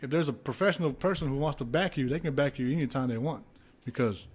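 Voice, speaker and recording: A man's voice: medium pitch, fast talker, breathy edge. A man, a former boxer, telling stories casually with lots of swearing and laughter. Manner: animated anecdotes with profanity and laughter. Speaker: podcast guest, former heavyweight boxer. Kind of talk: casual storytelling.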